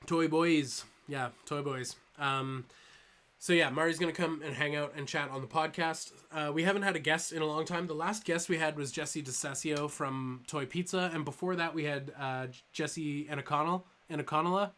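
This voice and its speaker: A young man hosts a live stream from home in a voice pitched a little high. He rambles in a loose, joking way and leans on ums while he answers chat. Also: normal speed, bright, forceful tone. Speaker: toy channel host streaming live.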